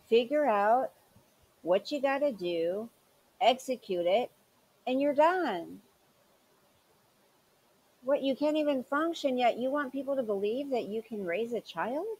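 A woman's voice: on the high side, darkish tone, slightly rough, low-quality recording. A woman hosting a commentary show, sarcastic and scolding as she mocks the clips she reacts to. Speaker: commentary channel host.

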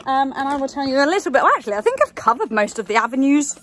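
A woman's voice: high voice, sing-song, racing, hardly any pauses, fairly bright tone, soft background music. A chatty woman vlogging about horse gear, laughing often and talking to her animals as she goes. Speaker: equestrian vlogger. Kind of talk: casual vlog chat.

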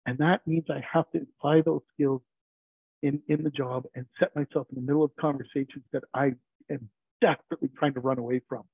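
A man's voice: medium pitch, fairly even intonation, a little fast, gravelly, breathy edge, no room sound. A man, an IT team leader and interview guest, telling workplace stories casually and acting out quoted dialogue with frequent chuckles. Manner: anecdotal, acts out quoted dialogue, chuckles often. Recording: narrowband phone-like remote line, dry.

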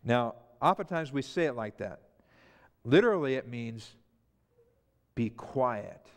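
A man preaching a sermon as pastor, telling the story with lively emphasis and acting out the disciples' cries. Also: mid-range voice, moderate pace. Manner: animated storyteller, acts out the disciples' panic. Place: church sanctuary. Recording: church hall reverb.

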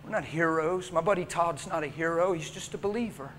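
A man's voice: fairly high pitch, fairly quick, a bit bright, slight background noise. A male preacher telling stories in an impassioned sermon, often breaking into laughter. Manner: impassioned storytelling with frequent laughter.

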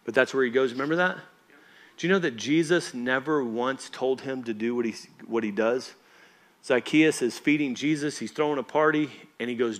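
A man's voice: medium pitch, normal speed. A man preaching a church sermon, talking to the congregation in a conversational, emphatic way and often checking that they follow. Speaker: pastor.

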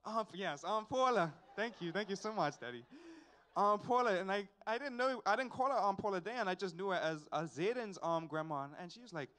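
A young man, telling a personal testimony at a church service in an animated, repetitive storytelling way with sighs and asides. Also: high voice, fairly quick, hardly any pauses. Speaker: church member giving a testimony.

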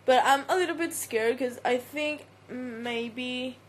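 A woman's voice: high-pitched, slow, low-quality recording. A young woman with a Mexican accent whose first language is Spanish, chatting casually into a phone and reading out fan comments, laughing often. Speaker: livestreamer answering fans.

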